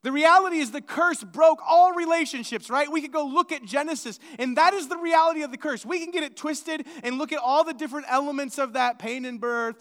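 High, bright-voiced preacher in a reverberant hall. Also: male voice, fairly quick, hardly any pauses. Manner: storytelling, animated with acted-out quotes. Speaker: pastor. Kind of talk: sermon.

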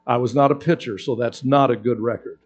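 A man preaching a sermon, telling a personal story with acted-out quotes and lively swings in voice. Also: medium pitch, a little fast, dull audio, soft background music. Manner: animated storyteller acting out quotes. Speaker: pastor.

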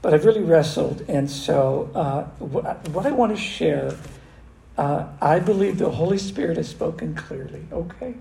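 An older man preaching a conversational sermon as pastor, animated and full of restarts. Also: on the high side, measured pace, vocal fry. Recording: echoey room with faint noise.

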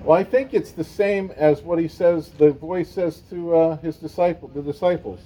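A man's voice: a little high, fairly even intonation, moderate pace, warm tone, a little hiss or hum, low-quality recording. A man preaching a sermon in a conversational way, with casual asides to the congregation. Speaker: pastor.

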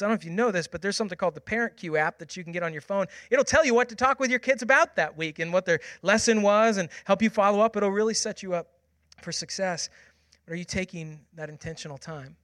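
A man in his thirties preaching a sermon, telling a personal family story and moving from hushed, quiet passages to loud, excited ones. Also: high-pitched, quick pace, no echo. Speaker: pastor.

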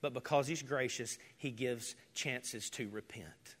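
A male pastor preaching a sermon, rising to loud, impassioned declarations and dropping to near-whispers. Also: medium pitch, unhurried. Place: church sanctuary. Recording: hall reverb.

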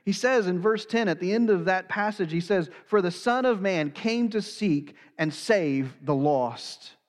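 A pastor delivers a sermon in a high, clear voice. He speaks earnestly and slows down to weigh his key phrases. The sound rings with the long reverb of a large hall.

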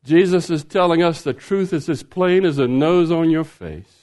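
A man preaching a sermon in a church, animated and asking the congregation rhetorical questions. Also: on the high side, moderate pace.

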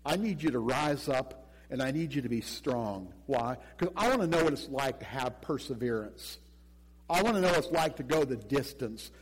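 A man's voice: medium pitch, normal speed, breathy edge. Preaching man in an echoing hall. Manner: animated preaching with acted-out quotes, many repeated words. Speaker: pastor. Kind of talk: sermon.

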